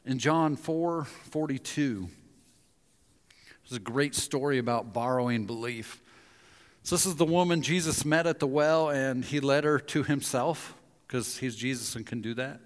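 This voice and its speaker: A male pastor gives a sermon, turning hunting stories into lively scenes where he acts out each speaker. He sits in the middle of the male pitch range, and his voice carries a long hall reverb. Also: measured pace. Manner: animated storyteller acting out quoted voices. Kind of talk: sermon with storytelling.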